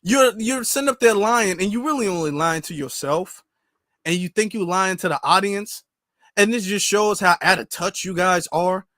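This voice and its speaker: A man's voice: high voice, moderate pace, a bit bright, no room sound, studio quality. A man hosting a commentary channel, reacting to clips in an exasperated, mocking way and repeating himself.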